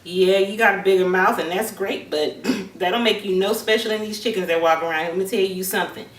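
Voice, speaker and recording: A woman's voice: medium pitch, fairly quick, natural voice. A woman voicing a dismissive, bossy farmer who talks bluntly and in slang, recorded with a roomy echo from a distance.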